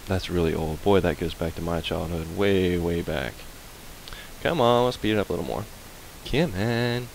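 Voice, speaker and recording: Low gravelly guy chatting through his game, bouncy pitch, hums to himself. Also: a little hiss or hum, low-quality recording. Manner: chatty, playful, hums and repeats fillers. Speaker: let's play host. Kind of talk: casual game commentary.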